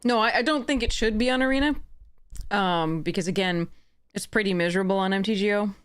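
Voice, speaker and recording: A woman giving casual commentary while playing a card game, chatty, often correcting herself and slipping in quick apologies. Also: mid-range voice, clear, resonant tone, dry recording, studio quality. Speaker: game streamer.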